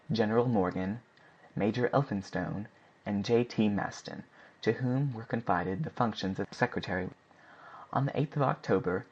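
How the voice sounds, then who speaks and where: Husky man reading a classic novel aloud. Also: on the low side. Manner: steady, even-paced reading. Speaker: audiobook narrator. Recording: dull lo-fi recording.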